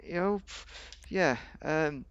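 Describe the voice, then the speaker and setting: A man's voice: slow pace, a bit bright, smooth, muffled recording. A man giving casual, rambling, jokey commentary while playing a game, often talking to himself. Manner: rambling, chatty, jokey, talks to himself, sudden pitch jumps. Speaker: gaming video host.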